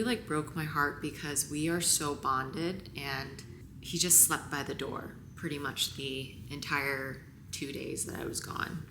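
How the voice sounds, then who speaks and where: A woman vlogger talking on camera, tearful and halting, sometimes dropping to a whisper. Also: deep voice, gravelly, echoey room, noisy background. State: crying. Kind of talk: emotional on-camera talk.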